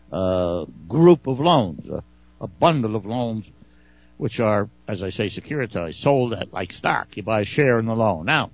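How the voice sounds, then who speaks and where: Male radio co-host, gravelly voice, rambling explainer, dry, slightly dull sound. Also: medium pitch, no room sound. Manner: rambling, explaining step by step with fillers. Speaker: radio talk show co-host. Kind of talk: casual on-air chat.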